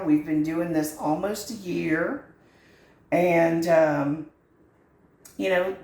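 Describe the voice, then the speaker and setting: A woman's voice: on the low side, a little mellow, reverberant. A middle-aged woman, hosting a home cooking channel in a folksy, earnest and sentimental chat from her kitchen. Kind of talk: heartfelt direct-to-camera chat.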